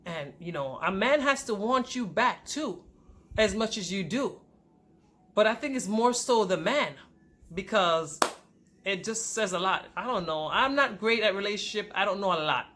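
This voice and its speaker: A woman vlogger telling her own relationship story to her viewers, candid and conversational, with sharp jumps in pitch and loudness as her feelings rise. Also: animated, normal speed. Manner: pitch and volume swing widely with emotion. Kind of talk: personal storytelling to camera.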